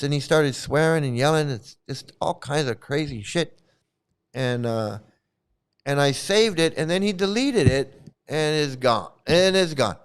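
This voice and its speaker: Male vlog host, fairly high smooth voice, loose rambling delivery with restarts, blunt and coarse. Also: a little slow, pauses often. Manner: rambling, repeats and restarts words; blunt and profane. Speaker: commentary channel host. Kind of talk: casual rambling commentary.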